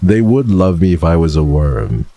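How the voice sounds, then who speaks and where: Deep, husky male streamer. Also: very animated, normal speed, warm tone, dry recording. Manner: playful, dramatic, swears casually. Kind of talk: casual chat, reading viewer submissions.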